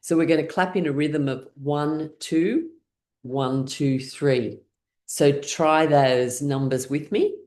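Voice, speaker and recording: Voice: mid-range voice, slow pace, a little mellow. A middle-aged laughter class instructor leading an online group session, playful and laughing often as they count and chant along. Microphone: video call.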